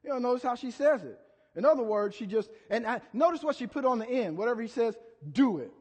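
A man with a notably high voice preaching a sermon to a congregation. He talks in a loose, conversational way and acts out the scenes he describes. The sound carries the long reverb of a church hall. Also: expressive, fast. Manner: chatty, storytelling with acted quotes and audience volunteers. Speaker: pastor.

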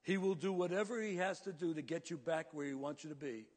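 A man preaching a sermon to his congregation in earnest tones, slowing down to stress his points. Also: fairly high pitch, steady tone, long reverb tail. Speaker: pastor.

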